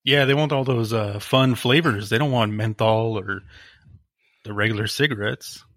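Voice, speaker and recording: A man's voice: lowish voice, normal speed, fairly bright tone, no echo. A young adult man co-hosting a podcast in casual chat, easygoing, laughing along and tossing in dry jokes. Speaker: podcast co-host.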